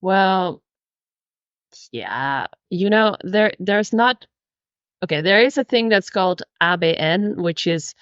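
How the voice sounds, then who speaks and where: A woman's voice: medium pitch, expressive, takes it slowly, a bit bright, clean tone, no echo, dull audio. Dutch woman explaining with eager energy. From Netherlands. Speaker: language teacher, guest. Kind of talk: casual interview chat.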